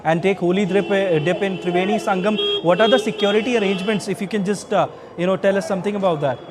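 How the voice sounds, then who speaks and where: A man's voice: sits high, fairly even intonation. A male news anchor with an Indian English accent, hosting a live broadcast and handing over to a field reporter. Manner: quick, with fillers when questioning.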